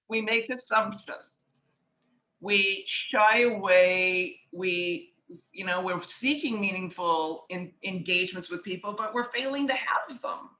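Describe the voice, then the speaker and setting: Chatty bright-voiced woman storyteller. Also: lowish voice, expressive, measured pace, echoey room, low-quality recording. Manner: chatty, acts out dialogue in anecdotes; frequent filler words. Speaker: author and investor guest. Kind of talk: casual storytelling talk.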